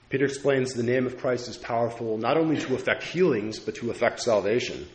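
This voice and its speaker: A man preaching a Bible study sermon, earnest and measured, with occasional filler pauses as he reads scripture aloud. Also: medium pitch, darkish tone. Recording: echoey room.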